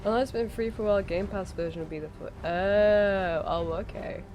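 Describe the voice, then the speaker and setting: A sick woman streamer with a strained throat chats casually while watching videos, rambling and giggling a lot, easily amused. Her voice is mid-range and fast, with background noise behind it.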